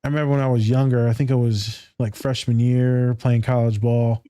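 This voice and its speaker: A man hosting a casual podcast, from Michigan, telling profane, animated stories and acting out quotes. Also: medium pitch, brisk, smooth, no echo, studio quality. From Michigan, USA. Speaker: podcast host.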